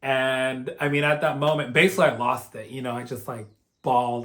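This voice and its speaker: A man's voice: medium pitch, steady tone, a little fast, fairly bright tone. A man casually telling a personal story in an earnest, openly emotional way, rambling and filling his talk with "like" and "you know". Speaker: spiritual vlogger.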